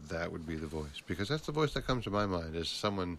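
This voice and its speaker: A man chatting casually as a co-host, rambling and animated as he retells stories and quotes people. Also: low voice, fast, hardly any pauses. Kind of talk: casual chat. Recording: faint background noise.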